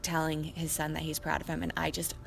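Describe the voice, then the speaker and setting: Young female podcast co-host, gravelly and lowish, rambling and emotional. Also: completely flat delivery, fairly bright tone, a little hiss or hum. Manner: rambling, emotional, quick to laugh. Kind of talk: casual chat recapping episodes.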